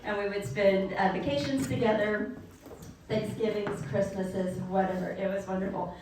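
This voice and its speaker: Woman, casual reminiscing, halting, distant from mic, noisy background. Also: medium pitch, steady tone. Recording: distant, echoey with background noise.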